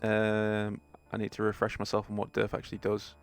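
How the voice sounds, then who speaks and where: A man's voice: on the low side, monotone, a little fast, clean tone, soft background music. A man running a tabletop game as game master, laid-back and chuckling often.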